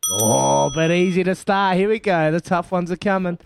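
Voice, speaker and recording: A man with a New Zealand accent hosting a breakfast radio quiz, brisk and matey as he reads questions and counts down. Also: sits high, vocal fry, background noise. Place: radio studio. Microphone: studio microphone.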